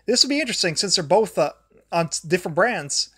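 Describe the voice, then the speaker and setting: A man's voice: high voice, expressive, quick pace, bright, forceful tone, slightly rough, no echo, clean studio sound. A young man hosting a solo livestream, rambling and often restarting his sentences. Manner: grumbles at a failing charger mid-talk. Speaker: livestream host.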